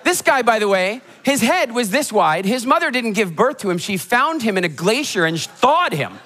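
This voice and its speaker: A motivational speaker telling funny stories in a keynote talk before a live audience, animated and acting out the voices of people in his stories. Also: high voice, moderate pace, hardly any pauses. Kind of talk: humorous storytelling keynote talk. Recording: hall reverb of a live talk.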